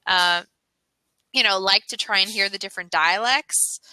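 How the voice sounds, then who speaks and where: A woman's voice: mid-range voice, moderate pace, bright, forceful tone, no room sound, low-quality recording. An American woman tutoring English on a video call, chatty and laughing often as she gives suggestions. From United States. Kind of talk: casual conversation lesson.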